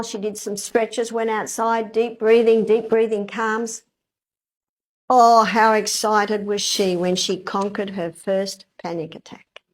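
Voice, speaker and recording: A woman giving a health lecture to a live audience, telling a story and asking the audience rhetorical questions. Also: fairly high pitch. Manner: acts out quoted dialogue.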